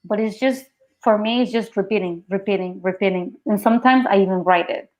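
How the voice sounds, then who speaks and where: A woman's voice: medium pitch, fairly quick. A young woman from Mexico with a Mexican Spanish accent, an actress and guest, telling stories in a casual interview chat. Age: young adult. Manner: lively storytelling, quoting others, laughing often.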